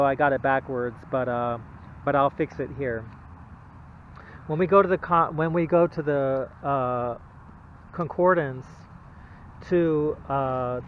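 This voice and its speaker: A man giving an informal Bible talk, halting and repetitive, often checking in with the listener. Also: fairly high pitch, a little hiss or hum. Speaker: religious video presenter. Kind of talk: informal Bible teaching monologue. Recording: tinny phone-like audio.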